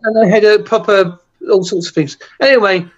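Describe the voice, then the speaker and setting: A man's voice: high-pitched, fairly even intonation, a little fast, muffled recording, a little hiss or hum. A man with an Essex English accent, chatting casually on a video call and telling rambling stories with lots of restarts. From England. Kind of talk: casual chat, storytelling.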